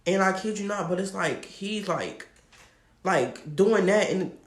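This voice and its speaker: A man telling a personal story to camera in a casual, animated, slangy way. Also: high voice, a little slow, reverberant. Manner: animated, slangy, laughs often. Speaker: storytime vlogger.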